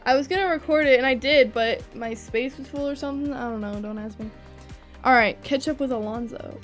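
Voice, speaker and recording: A young woman giving chatty, excitable, rambling commentary while playing a game for her video channel. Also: high-pitched, fairly quick, faint music behind. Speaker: gaming video creator.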